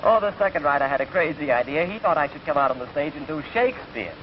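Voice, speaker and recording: A man's voice: a little high, lively intonation, fast talker. A young man with an English accent telling jokes in chatty, self-amused 1940s film comedy banter. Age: young adult. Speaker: film actor playing himself. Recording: dull hissy 1940s film soundtrack.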